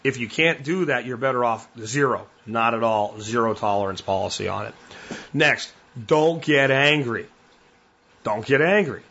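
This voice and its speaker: A man with a husky, slightly breathy voice talks through a solo podcast in a blunt, plainspoken way. He repeats his main points for emphasis, at an ordinary mid pitch. The recording sounds dull and a bit lo-fi. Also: normal speed, sharp tone. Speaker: podcast host.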